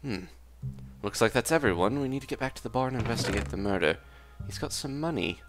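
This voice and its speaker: Man, gaming host, put-on English accent, jokey, lively voice. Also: medium pitch, fast, music in the background. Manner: jokey, playing a pompous detective. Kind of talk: in-character let's play commentary.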